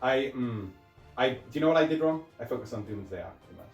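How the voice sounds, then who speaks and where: A man with a middle-pitched voice talks through his tabletop game in a casual, self-deprecating way. He recorded in a roomy space that echoes, and faint music plays behind him. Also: animated, quick pace, lo-fi sound. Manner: joking, self-deprecating, chatty. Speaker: wargaming channel host. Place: game room. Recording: echoey room with music underneath.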